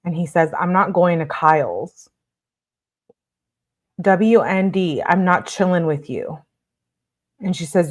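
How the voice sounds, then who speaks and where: Young adult woman, low-ish voice, casual commentator reading messages aloud with blunt asides. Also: animated, takes it slowly, pauses often.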